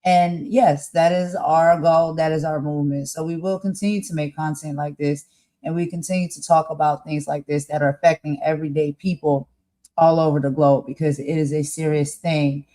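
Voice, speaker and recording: A woman's voice: sits low, steady tone, moderate pace, dark tone. A woman hosting a political live stream, talking casually to her viewers and calling them y'all. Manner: casual, addresses the audience as y'all. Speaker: host.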